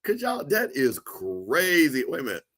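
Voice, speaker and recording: A man hosts a casual livestream. His voice sits a little high for a man. He jokes with the people in the chat and keeps his tone animated. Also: moderate pace. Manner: animated, joking, talks to chat. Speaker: livestream host.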